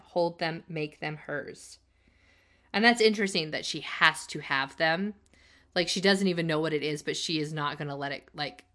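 A woman's voice: on the low side, pushed and bright. A woman co-hosting a casual book-discussion podcast, musing through recaps. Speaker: podcast co-host.

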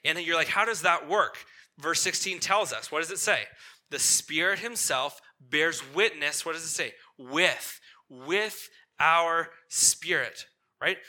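This lead pastor's sermon comes in a high-pitched, bright, forceful voice. His style is conversational, full of questions to the congregation and "right?" check-ins, turning tender and earnest when he reaches painful points.

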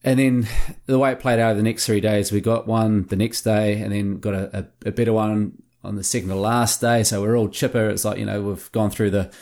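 A man, a hunting show producer telling lively hunting stories in a casual interview. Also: lowish voice, a little fast, few pauses. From New Zealand. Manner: animated anecdotes with acted-out quotes.

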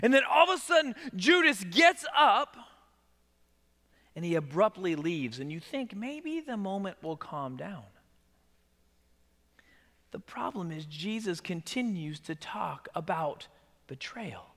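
Pastor, male, high bright voice, dramatic loud-to-soft preaching, long church-hall reverb. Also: sing-song, takes it slowly, pauses often. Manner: dramatic, swings between loud emphasis and hushed delivery. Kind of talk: sermon.

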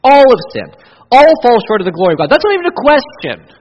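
A male pastor, preaching an animated sermon that moves between loud emphasis and hushed intensity. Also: very high voice, fast talker. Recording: dull audio with long hall reverb.

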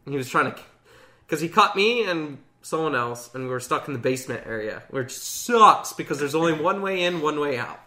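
A man's voice: on the high side, expressive, moderate pace, pushed and bright. A young man in casual gaming chat, telling stories with lots of energy and acting out other players in raised voices.

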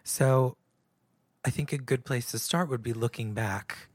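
A man's voice: mid-range voice, no room sound. A man co-hosting a podcast in casual chat, with a dry, sarcastic way of talking. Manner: dry, sarcastic, drawn-out repetitions. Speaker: podcast co-host.

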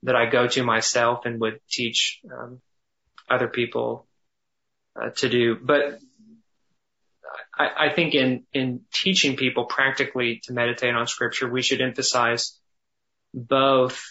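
A man teaching thoughtfully in conversation, often pausing, restarting and slowing down to dwell on phrases. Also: mid-range voice, flat delivery, sharp tone, dull audio. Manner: thoughtful, halting with restarts, slows to savor phrases. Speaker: guest teacher on biblical counseling.

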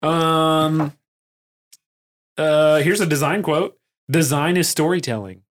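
A man talking as a podcast guest in a casual, energetic way, full of fillers and restarts. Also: a little high, moderate pace. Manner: energetic and excitable, heavy use of "like" and fillers. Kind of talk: casual conversational storytelling.

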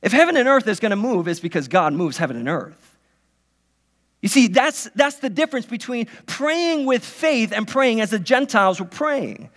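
High-voiced pastor preaching in a hall. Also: male voice, sing-song, normal speed, fairly bright tone. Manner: conversational, anecdotal, with many restarts. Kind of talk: sermon. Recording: long hall reverb.

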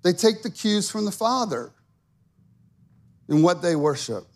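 A man's voice: high voice, sing-song, measured pace, darkish tone. A man in his thirties preaching a sermon, telling stories with lots of fillers and building to emphatic calls. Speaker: pastor.

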